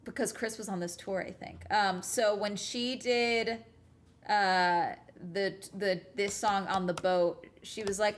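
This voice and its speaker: A woman's voice: medium pitch, fairly even intonation, takes it slowly. A young woman vlogger chatting casually, rambling and giggling with many fillers. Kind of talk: casual chat. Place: at home after a cruise.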